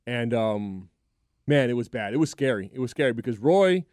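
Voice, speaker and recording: A man's voice: medium pitch, animated, normal speed, a little mellow, dry recording, studio quality. A middle-aged man co-hosting a casual sports talk show, telling a rambling story full of restarts. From South Florida. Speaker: podcast co-host.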